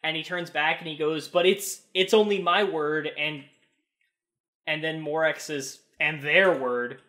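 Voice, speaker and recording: Stammering high-voiced man game master. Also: fairly even intonation, bright, forceful tone. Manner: halting, stammering narration with repeated restarts. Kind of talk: narrating a tabletop game.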